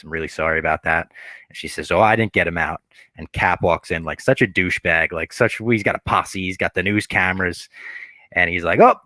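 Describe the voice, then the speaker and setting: Low-voiced man recapping with gusto. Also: no echo. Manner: animated retelling, acts out quoted characters. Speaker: podcast co-host. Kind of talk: casual episode recap.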